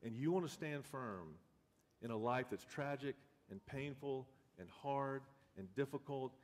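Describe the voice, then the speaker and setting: A man pastor telling a story in a sermon, in an animated, folksy way with many restarts. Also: medium pitch, measured pace. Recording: long reverb of a church hall.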